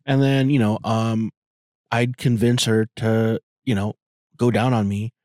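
A man's voice: on the low side, flat delivery, unhurried, a little mellow, no room sound. Rambling, foul-mouthed man with a dry sound. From outside the US. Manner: rambling, profane, full of fillers. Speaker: podcast host. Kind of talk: casual monologue.

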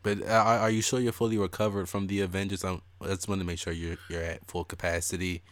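Deep-voiced animated young man. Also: quick pace, no echo. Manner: animated storyteller, acts out quotes. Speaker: podcast co-host. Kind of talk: casual chat.

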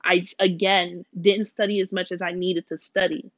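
A woman's voice: fairly low pitch, little pitch movement, moderate pace, no echo, muffled recording. A young adult woman hosting a faith podcast, talking candidly and emotionally in a casual, slangy way. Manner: emotional, confessional storytelling. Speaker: podcast host.

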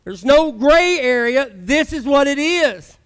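High-voiced pastor preaching conversationally. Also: male voice, lively intonation, a bit bright. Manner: conversational, emphatic preaching with dramatic pauses. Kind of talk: sermon.

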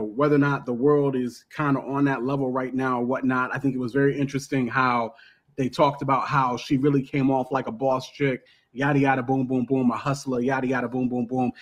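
A man's voice: mid-range voice, level tone, a little fast. A man hosting a casual podcast discussion, loose and filler-heavy, with playful throwaway asides. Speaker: podcast host.

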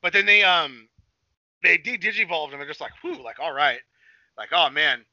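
A young man with a high, lively voice talks in an excited rush, swearing freely and breaking into loud acted-out shouts. His tone is very bright and sharp. The sound is dry and a little dull. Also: moderate pace, no echo. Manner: excitable, swears a lot, acts out scenes in shouts. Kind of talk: excited casual chat.

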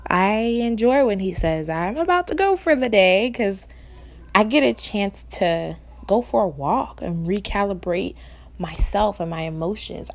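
Candid creaky-voiced woman podcaster. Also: on the low side. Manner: candid, reflective, rambling with restarts. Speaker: podcast co-host. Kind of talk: casual couple's podcast chat.

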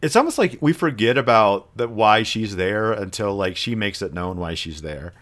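A man co-hosting a casual podcast, recapping a TV episode and acting out the characters' lines in quick quoted bits. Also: fairly low pitch, lively intonation, a bit bright. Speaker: podcast co-host.

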